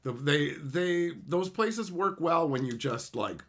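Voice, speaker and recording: A man on a live stream, swapping stories with his viewers in a blunt, foul-mouthed way. His voice is bright and forward, and his pitch jumps around a lot. He laughs easily as he acts out the people in his stories. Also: lively intonation, slow. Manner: profane, blunt, laughing storyteller who acts out quoted people. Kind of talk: casual live-stream chat, storytelling.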